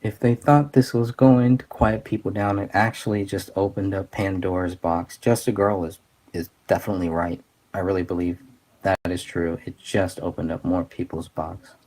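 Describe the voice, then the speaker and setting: Male host, lowish voice, earnest and halting, casual commentary, thinks aloud with pauses. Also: steady tone, a little mellow. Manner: halting, many fillers and restarts, earnest. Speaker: podcast host.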